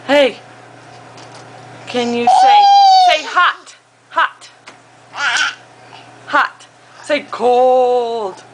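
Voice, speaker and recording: A woman's voice: high-pitched, huge pitch swings, very slow, long pauses, noisy background. A woman talking to her toddlers in a home video, coaxing them to repeat words in a sing-song voice and laughing often. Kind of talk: home video baby talk. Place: family home.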